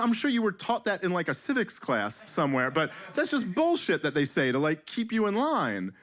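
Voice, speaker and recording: A man's voice: fairly high pitch, brisk. Sarcastic man doing stand-up. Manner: sarcastic, profane, animated storytelling with mock voices. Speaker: stand-up comedian. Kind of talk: stand-up comedy set.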